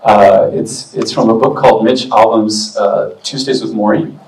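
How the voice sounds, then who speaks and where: A man giving a relaxed, chatty talk as a medium to an expo audience, with many fillers. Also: fairly low pitch, normal speed, distant mic. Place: expo hall. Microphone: booming handheld or stand mic. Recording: echoey hall, mic heard from afar.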